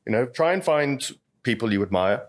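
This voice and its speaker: A man's voice: medium pitch, lively intonation, normal speed. A middle-aged man, a veteran bartender telling stories in an interview, with a chatty, anecdotal manner full of "you know". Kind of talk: storytelling interview talk.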